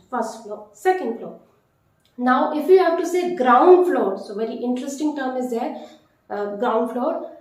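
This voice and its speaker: A woman teaching a vocabulary lesson, repeating each word slowly and deliberately. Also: high-pitched, lively intonation, a little mellow. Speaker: French teacher. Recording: very echoey room.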